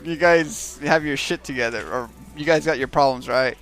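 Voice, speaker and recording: A man's voice: a little high, normal speed, fairly bright tone, faint music behind. A man telling a rambling, profanity-heavy story on a stream. He keeps checking in with his listeners by asking "right?". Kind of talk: casual storytelling.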